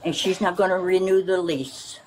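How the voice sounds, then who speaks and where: A woman's voice: lowish voice, fairly even intonation, moderate pace, darkish tone, low-quality recording. An older woman rambling and complaining insistently to a police officer, recorded on a bodycam. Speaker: resident questioned by police. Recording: outdoor bodycam audio with faint noise.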